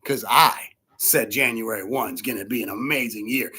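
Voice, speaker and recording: A middle-aged man preaching a sermon as a pastor, animated and acting out the voices of people in his stories. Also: medium pitch, normal speed, gravelly, few pauses, slightly rough.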